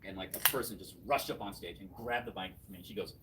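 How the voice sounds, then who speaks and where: A young man in his twenties doing a stand-up set, laughing at his own jokes and swinging between loud and soft. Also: low-pitched, fast talker, very noisy. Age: 20s. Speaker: stand-up comedian. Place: small comedy venue with audience. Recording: distant mic with crowd laughter. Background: audience laughing.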